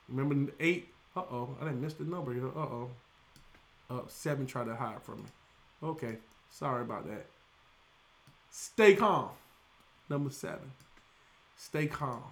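A middle-aged pastor, preaching with a voice that sits high for a man. He keeps his sermon lively and loose, throwing call-and-response questions back at the congregation.

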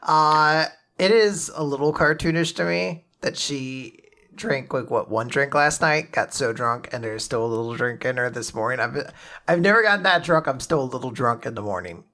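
A man co-hosting a casual podcast chat, joking and reacting quickly. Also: medium pitch, expressive, bright, forceful tone. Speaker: podcast co-host.

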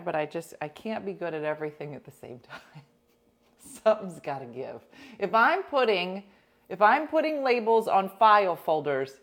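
Woman co-host with a slightly low voice, chatty and self-deprecating, relaxed conversation. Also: gravelly. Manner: chatty, self-mocking storytelling. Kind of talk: casual chat.

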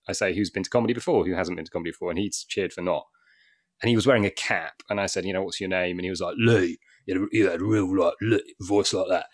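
A man, a stand-up comedian, chatting as a guest and telling lively anecdotes with frequent laughs. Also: lowish voice. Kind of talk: casual chat.

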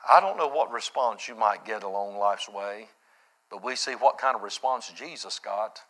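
A male pastor preaching a sermon, swinging from loud, high-pitched peaks to quiet, low, reflective passages. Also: lively intonation, moderate pace.

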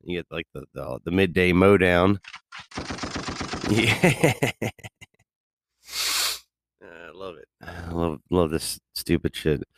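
A man's voice: deep voice, takes it slowly, pauses often, noisy background. A man hosting a radio show, rambling casually in a profane, loose way and laughing often. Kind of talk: casual solo talk.

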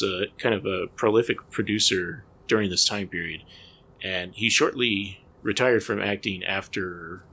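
A man's voice: fairly low pitch, creaky, sharp tone, a little hiss or hum. A man talking casually on a podcast, rambling and restarting his sentences, laughing often. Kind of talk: casual chat.

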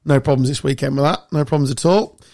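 A man hosting a casual podcast, telling sweary, animated stories. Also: mid-range voice, fast talker, creaky. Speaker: podcast host. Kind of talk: casual chat.

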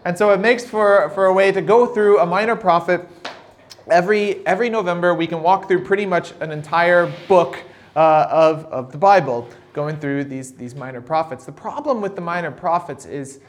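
A male pastor preaches in a loose, conversational way. He often stops and restarts his sentences. When he tells a story, he becomes lively and animated. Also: sits high. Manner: conversational and halting, many restarts. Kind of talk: sermon.

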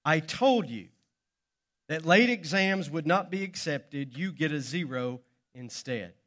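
A man's voice: a little high, animated, slow, a bit bright. A man playing a smug university professor who talks in a curt, sarcastic way. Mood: stern.

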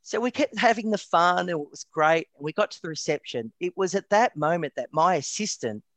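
Animated Australian man telling stories. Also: sits high, fairly quick, dry recording. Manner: animated, lively anecdotes with stammered repeats. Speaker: interview guest, retired wedding photographer. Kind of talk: casual storytelling.

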